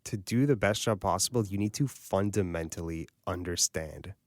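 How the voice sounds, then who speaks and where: A man's voice: deep voice, normal speed, no room sound, studio quality. A man co-hosting a podcast discussion about audiobooks, chatty and self-deprecating. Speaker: podcast co-host. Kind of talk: casual panel discussion.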